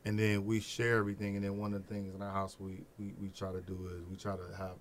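A middle-aged man from Peoria, speaking as a guest in a casual podcast interview, an animated storyteller who laughs as he talks about his family. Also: fairly low pitch, fast talker, slight background noise. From Peoria, Illinois. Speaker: guest, Head Start program director.

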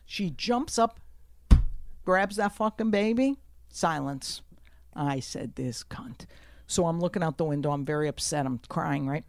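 A woman telling a story in casual chat, brash and profane, swinging from hushed asides to shouting. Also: low-pitched, measured pace.

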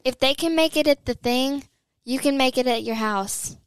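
A woman chats on a podcast from a studio in a slightly high voice. She answers in wry, deadpan one-liners. The sound is close and dry. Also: moderate pace, clear, resonant tone, dry recording. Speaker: podcast co-host. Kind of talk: casual podcast chat.

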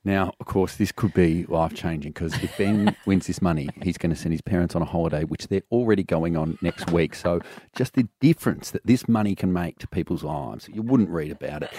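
A man's voice: deep voice, warm tone, a little hiss or hum. A man hosting a breakfast radio show, joking and teasing his co-hosts. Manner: teasing, jokey. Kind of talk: playful radio banter.

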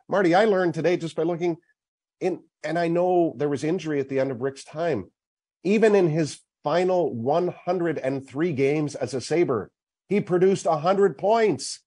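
A man's voice: a little high, a little slow, warm tone. A middle-aged man hosting a sports talk show, making his case emphatically and at length.

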